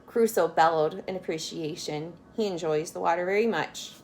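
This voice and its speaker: A storyteller with a slightly mellow, low-leaning voice reads a children's chapter book aloud at a normal speed. Along the way she adds friendly asides explaining words for young listeners.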